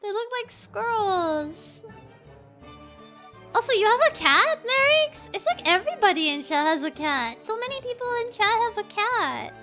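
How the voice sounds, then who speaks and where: Very high-voiced chatty woman streamer. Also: big pitch swings, moderate pace. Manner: chatty, reacts to chat and the game. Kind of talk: casual game stream chat. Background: faint game music.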